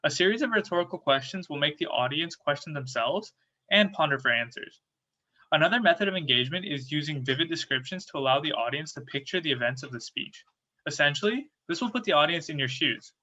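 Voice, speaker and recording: Bright-voiced young man on dull video-call audio. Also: fairly high pitch, lively intonation, fairly quick. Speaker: student workshop presenter. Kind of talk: reading a prepared presentation.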